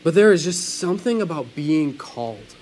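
Pastor, male. Earnest sermon delivery, high and very lively pitch. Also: normal speed, a little hiss or hum, poor audio. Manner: animated, earnest preaching with sudden swells and drops.

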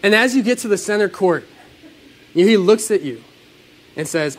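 A man delivering a Sunday sermon with a fairly high voice. His pitch swings widely as he preaches, rising and falling to press each point home. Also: moderate pace, rough recording. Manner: animated, earnest preaching with sudden swells and drops. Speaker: pastor.

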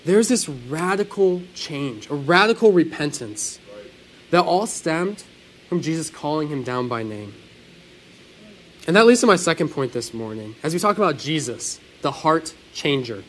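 A man delivering a Sunday sermon with a fairly high voice. His pitch swings widely as he preaches, rising and falling to press each point home. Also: unhurried, slight background noise, rough recording. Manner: animated, earnest preaching with sudden swells and drops. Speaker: pastor.

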